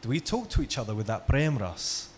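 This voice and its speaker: A man's voice: mid-range voice, very animated, fairly quick, a little hiss or hum. A man giving an interactive talk, asking the audience questions and telling stories. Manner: engaging, asks the audience questions. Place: hall with an audience.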